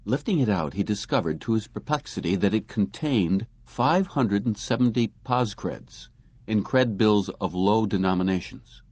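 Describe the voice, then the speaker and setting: A man reading a science fiction story aloud as narrator, in measured storytelling. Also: on the low side, lively intonation, a little mellow, husky. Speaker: audiobook narrator. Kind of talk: scripted narration.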